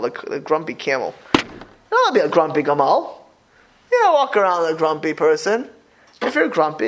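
A man speaks as a rabbi teaching a Torah class to a room of listeners. His voice sits high and swings widely up and down as he fires off rhetorical questions. He stumbles and restarts often. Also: vocal fry, fairly bright tone, poor audio. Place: room with a live audience.

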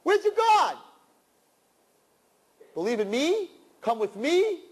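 A man's voice: sing-song, slow pace, in a large hall, exaggerated voice. A man voicing a taunting male tempter spirit that mocks a dying person. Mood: coaxing. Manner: mocking, jeering, rising to shrill cries.

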